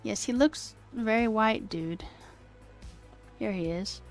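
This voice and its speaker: A woman's voice: medium pitch, slow, faint music behind. A woman streamer chatting casually with her viewers, trailing off and answering chat as she goes. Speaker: coding livestreamer.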